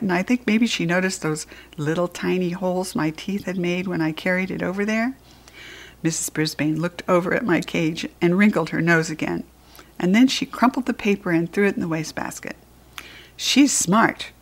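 A woman narrating a children's book aloud in an expressive, lively way. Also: lowish voice, brisk. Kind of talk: read-aloud storytelling.

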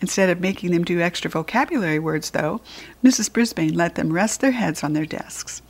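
A woman with a lowish voice reads a children's book aloud at a brisk clip. Her narration is expressive and lively.

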